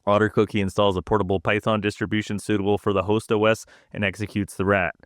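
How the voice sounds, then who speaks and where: A man co-hosting a cybersecurity podcast, reading prepared intel notes in a dry, steady way. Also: on the low side, quick pace, clear, resonant tone, no room sound. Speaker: podcast co-host.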